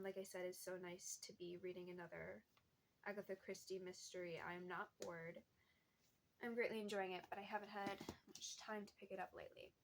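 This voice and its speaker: A young woman chatting casually about what she's reading, rambling along with lots of fillers and small laughs. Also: mid-range voice. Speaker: book vlogger. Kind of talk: casual book chat.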